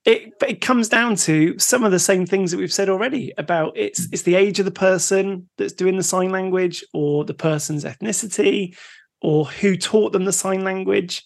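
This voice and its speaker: Easygoing man, fairly high voice. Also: moderate pace, creaky. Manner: easygoing, laughs often, shares facts. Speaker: podcast co-host. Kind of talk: casual podcast chat.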